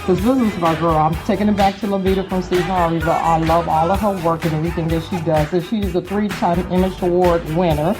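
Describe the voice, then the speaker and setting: A woman co-host with a fairly low voice, warmly gushing over a guest. Music runs clearly under her. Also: steady tone, fast talker, hardly any pauses. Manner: gushing, affectionate. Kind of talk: casual interview chat.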